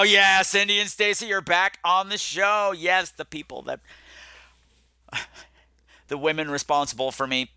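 A man hosting a podcast, telling a comic story in an animated way, swinging his pitch and pace widely. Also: dry recording. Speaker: podcast host.

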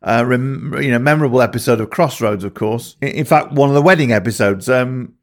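A man's voice: medium pitch, fairly quick. A man interviewing a guest, friendly and eager as he prompts stories. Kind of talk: interview questions.

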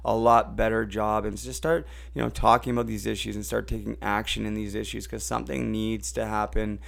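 A Canadian man hosting a casual chat, talking in an animated way and getting louder when he makes a point. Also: fairly low pitch, a little fast, gravelly. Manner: animated, rises and gets loud when making a point. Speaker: host.

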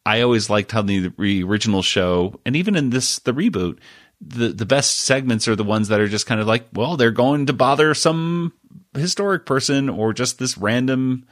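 A male podcast host talks casually and rambles, often breaking off with a laugh. His voice sits at a middle pitch. The recording is dry and close. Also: lively intonation, normal speed, no echo.

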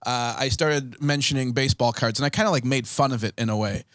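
A man's voice: mid-range voice, quick pace, a bit bright, no room sound. A man co-hosting a podcast from a comedy club, chatting casually, laughing often and explaining at length. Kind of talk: casual chat.

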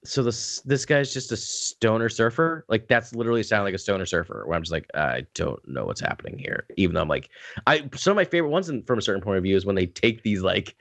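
This podcast co-host has a lowish, slightly bright voice with big pitch swings, and he talks fast on a dry recording. He chats casually and rambles, full of fillers and restarts.

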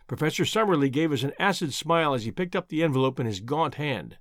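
A man narrating an adventure novel in a measured, descriptive storytelling manner. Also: fairly high pitch, expressive, no room sound, clean studio sound. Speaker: audiobook narrator. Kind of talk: scripted narration.

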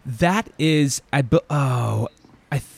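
A man's voice: medium pitch, slow, creaky, slightly rough, no echo. A man guesting on a film podcast, sharing film knowledge with lots of hesitations and fillers. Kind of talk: casual film chat.

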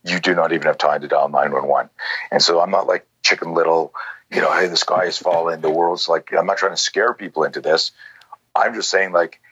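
A low, husky-voiced man in his sixties talks through a story in loose, rambling fashion, leaning on "you know" and "like" as he goes. The recording is dry and a little muffled. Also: a little fast, fairly bright tone, no room sound. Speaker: self-defense instructor, guest. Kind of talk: conversational storytelling.

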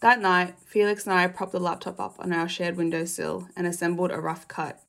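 A young woman from Australia reading her personal essay aloud in a measured, reflective way. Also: lowish voice, little pitch movement, vocal fry, a bit bright.

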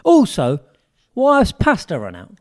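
A man on a casual podcast with a high voice that swings up and down. He teases the others and keeps throwing questions at them. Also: wildly swooping pitch, a little mellow. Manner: teasing, quick questions. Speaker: podcast co-host. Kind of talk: casual chat.

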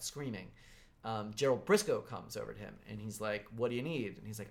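A man's voice: fairly low pitch, quick pace, vocal fry. A man hosting a podcast, casually retelling a backstage story with quoted dialogue. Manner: recounts stories with quoted dialogue. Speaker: podcast host.

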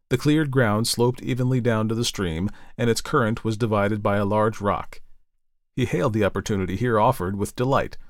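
A man narrating a novel at a steady, measured pace. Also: fairly low pitch, dry recording, studio quality. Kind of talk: audiobook narration.

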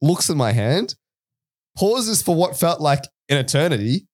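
A man's voice: a little high, measured pace, no room sound. Australian male podcast co-host, storyteller, casual, dry close mic. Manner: animated anecdote-telling with frequent "right?" and "like".

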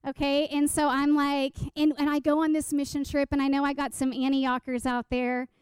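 A woman giving an animated personal testimony sermon, telling stories with quoted asides and questions to the audience. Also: high voice, normal speed, no room sound, studio quality. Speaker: speaker at a church gathering.

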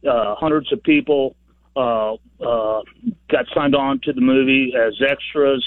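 A man's voice: medium pitch, fairly even intonation, a little slow, no echo. A man calling in to a radio show, rambling and repeating himself with many uhs. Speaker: caller. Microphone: telephone. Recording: dry tinny phone line.

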